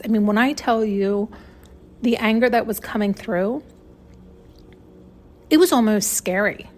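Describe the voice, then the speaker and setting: A woman's voice: medium pitch, moderate pace, long pauses. Rambling woman, close to tears. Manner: rambling, emotional, many fillers and restarts. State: choked up, on the edge of tears. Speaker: podcast host. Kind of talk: casual spiritual monologue.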